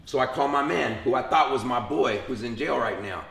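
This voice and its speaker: A young man speaking casually in an interview, retelling events in a lively way, acting out the people he quotes, with lots of profanity. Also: medium pitch, fairly quick, creaky, echoey room, a little hiss or hum. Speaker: interview guest.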